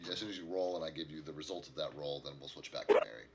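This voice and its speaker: A man's voice: a bass voice, racing, gravelly, very noisy. A man narrating as dungeon master, describing scenes in a loose, rambling way with many fillers. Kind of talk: narrating a tabletop game.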